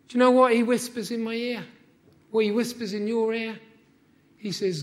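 A male preacher with a high-pitched voice delivers a sermon. He drops to near-hushed tones, then rises into emphatic, repeated phrases. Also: fairly even intonation, moderate pace. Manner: swings from hushed to emphatic, repetitive.

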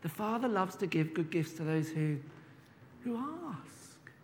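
Guy preaching, high voice, chatty, long echo in a church hall. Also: very animated, a little hiss or hum. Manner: conversational, drawn-out emphasis on key words. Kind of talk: sermon.

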